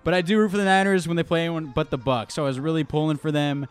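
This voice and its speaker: A young man co-hosting a studio sports talk show, measured and analytical, with a wry edge and faint music behind. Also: a little high, smooth. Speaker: radio show co-host. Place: radio studio.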